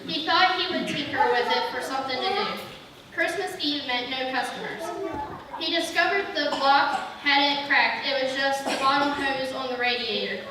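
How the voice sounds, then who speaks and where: In a church sanctuary, a woman with a high voice reads a Christmas story aloud at normal speed, correcting small mistakes as she goes. The sound comes from far off in an echoey hall, with faint hiss.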